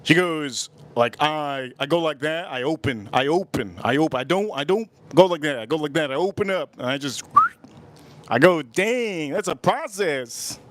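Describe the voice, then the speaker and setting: A man's voice: on the high side, moderate pace. A man hosting a livestream, telling a story in casual chat, rambling and repeating his phrases over and over. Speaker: livestream host.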